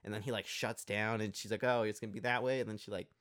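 A man's voice: on the low side, fairly even intonation, fast, fairly bright tone. A man in casual chat, retelling movie scenes and acting out the characters' lines.

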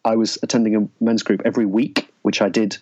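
Guest, male, low-ish voice, thoughtful storytelling, searches for words; dull lo-fi sound. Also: little pitch movement, a little mellow. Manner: halting, searching for words, many restarts. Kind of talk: reflective storytelling in conversation.

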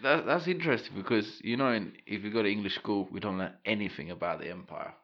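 A man co-hosting a podcast in casual chat, agreeable and quick to back up his partner. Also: fairly low pitch, dull audio. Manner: agreeable, lots of short backchannels. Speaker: podcast co-host.

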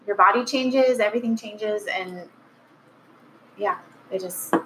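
A woman's voice: mid-range voice, a little slow, a bit bright, slight background noise, low-quality recording. Earnest chatty woman guest. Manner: earnest, chatty storyteller with frequent "um". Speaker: podcast guest. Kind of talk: casual podcast chat.

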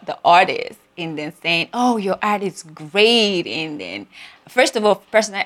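A young woman hosting a casual solo podcast, expressive and frank, swearing freely and laughing often. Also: medium pitch. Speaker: podcast host.

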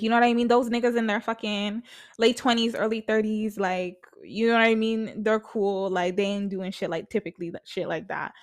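A young woman chats through celebrity gossip from her apartment. She is blunt and freely profane, and her speech is full of fillers. Her pitch sits in a middle range. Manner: chatty, blunt, profane, lots of filler words. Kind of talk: casual gossip commentary.

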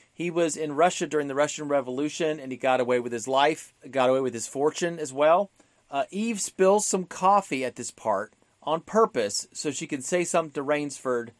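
A man's voice: on the high side, normal speed, dry recording. A man co-hosting a podcast, talking casually about an old film with many fillers and restarts. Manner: chatty, many fillers and restarts, acts out quotes. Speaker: podcast co-host.

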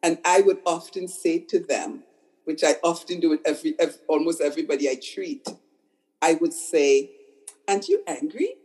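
In a rough recording, an older woman who works as a psychotherapist shares stories conversationally as a guest, often repeating words for emphasis. Her low voice is a little mellow, with fairly even intonation and a moderate pace.

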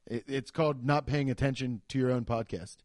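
A man's voice: mid-range voice, brisk, darkish tone, dry recording, studio quality. A man, a comedian and podcast host, telling rambling stories full of "like" and crude jokes in casual chat.

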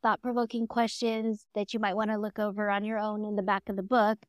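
A middle-aged woman co-hosting a podcast in casual chat, animated and laughing often as she acts out quoted voices. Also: mid-range voice, a little fast, dry recording, studio quality. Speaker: podcast co-host.

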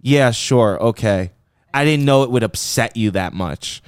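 A man's voice: mid-range voice, animated, measured pace, clear, resonant tone, no echo, clean studio sound, voice pushed down, lightly acted. A man voicing a testy female flight attendant who speaks in a clipped, dismissive way. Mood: curt.

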